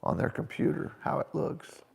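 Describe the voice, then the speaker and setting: A middle-aged man hosting a casual live question-and-answer chat at home, an animated storyteller who laughs often. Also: normal speed, a little hiss or hum. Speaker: host. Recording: reverberant room sound.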